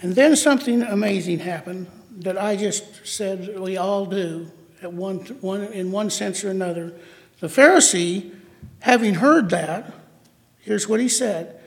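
A man preaching a sermon, halting often to restart and correct himself as he reads scripture and talks it through. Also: sits high. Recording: long hall reverb.

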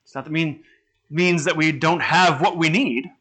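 A man's voice: fairly high pitch, fairly even intonation, normal speed, sharp tone. A man preaching a sermon in a conversational way, asking his listeners questions. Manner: conversational, asks the congregation questions.

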